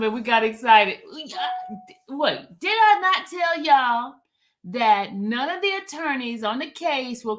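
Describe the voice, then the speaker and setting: A woman's voice: on the high side, fairly bright tone. A woman hosting a casual livestream chat, teasing and repeating herself as she reads out viewer comments. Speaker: livestream host.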